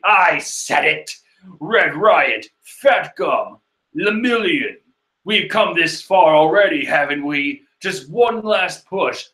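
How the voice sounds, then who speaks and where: A man voicing a gruff, rude adult male hero who barks brusque orders. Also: on the high side, sharp tone, full character voice. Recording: echoey room.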